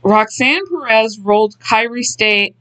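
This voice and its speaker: A woman's voice: fairly high pitch, measured pace, fairly bright tone, smooth. A woman co-hosting a podcast, recapping wrestling in casual chat, blunt and offhand with many fillers. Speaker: podcast co-host.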